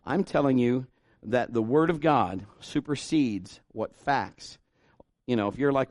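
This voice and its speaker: A man's voice: medium pitch, a little slow, a little mellow, dry recording, clean studio sound. A male pastor preaching a sermon in church, in a plainspoken, conversational way with folksy asides.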